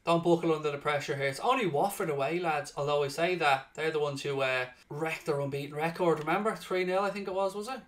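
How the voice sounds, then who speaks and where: A man giving let's-play commentary on a football game, swearing freely and swinging between low muttering and loud outbursts. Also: quick pace, hardly any pauses. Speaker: gaming channel host.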